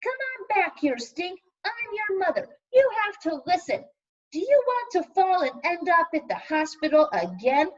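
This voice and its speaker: A woman's voice: extremely high pitch, very animated, a little slow, far from the mic, muffled recording, voice pushed up, exaggerated voice. A woman voicing a bossy, teasing schoolgirl who scolds in a storybook read-aloud.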